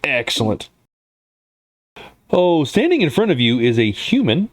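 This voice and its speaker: Relaxed man running a tabletop game. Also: on the high side, unhurried, no room sound. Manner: loose, many fillers and restarts, laughs easily. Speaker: game master.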